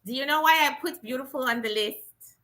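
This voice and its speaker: High, bright-voiced excitable woman. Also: a little fast. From Africa. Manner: excitable, exclaims often, chatty. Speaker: vlogger. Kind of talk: casual unboxing vlog.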